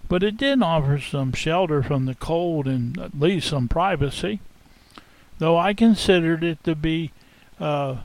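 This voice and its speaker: Slow, theatrical male storyteller. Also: on the high side, dry recording, low-quality recording. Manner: theatrical, expressive, savoring the tale. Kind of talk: first-person dramatic monologue as an innkeeper.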